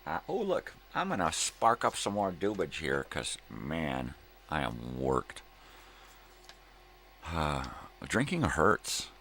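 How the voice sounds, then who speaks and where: Older male host, hungover, rambling chat; very low, gravelly voice with lively swings, faint hiss behind. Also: slow, pauses often. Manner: rambling, laid-back, laughs often. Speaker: livestream host. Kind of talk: casual chat to viewers.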